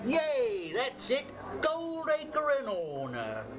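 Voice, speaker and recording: A slow, rambling pub regular. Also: male voice, extremely high pitch, huge pitch swings, music in the background, full character voice. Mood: gossiping. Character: rustic gossiping pub regular, delivery man.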